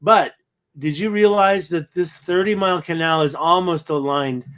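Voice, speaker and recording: A man's voice: on the high side, moderate pace, fairly bright tone, clean tone. A tired man hosting a casual livestream, rambling and thinking aloud as he looks through photos. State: tired, yawning. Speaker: livestream host.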